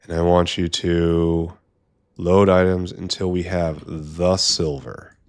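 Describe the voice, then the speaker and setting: A man's voice: sits low, flat delivery, slow pace. A man giving casual gameplay commentary, muttering to himself with wry asides as he works. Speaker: gameplay streamer.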